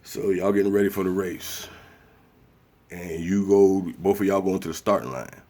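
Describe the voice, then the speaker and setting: A man's voice: fairly even intonation, normal speed, warm tone. A man, talking bluntly and profanely in a casual ranting monologue. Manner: blunt, profane, acts out others in high mocking voices. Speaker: commentary vlogger.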